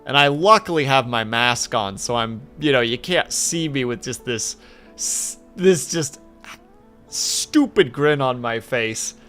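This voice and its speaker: A man streaming and telling stories in casual chat, animated and quick to swear. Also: medium pitch, faint music behind.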